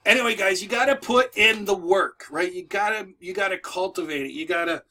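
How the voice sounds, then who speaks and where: Bright, high-voiced man giving a pep talk. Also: brisk, few pauses. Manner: repetitive, folksy, restarts often. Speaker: moving business coach and video host. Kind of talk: casual motivational talk to camera. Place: at home with dogs nearby.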